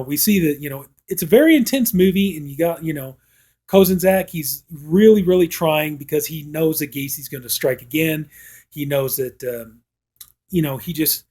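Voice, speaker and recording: A man's voice: on the high side, a little mellow. A man giving a casual film review, rambling and filling his talk with "you know". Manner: rambling, heavy use of "you know" fillers; acts out quoted lines from the film.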